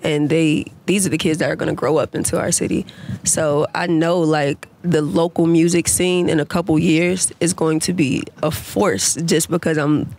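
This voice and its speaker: A woman's voice: sits low, steady tone, normal speed. A woman musician talking earnestly and enthusiastically about her music community during an interview. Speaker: musician guest. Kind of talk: casual interview chat. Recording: loud live band music behind.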